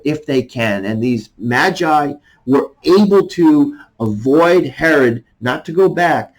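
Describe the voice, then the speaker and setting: A man's voice: medium pitch, a little mellow, rough recording. A man, an army chaplain, giving a conversational devotional message and reading scripture passages aloud.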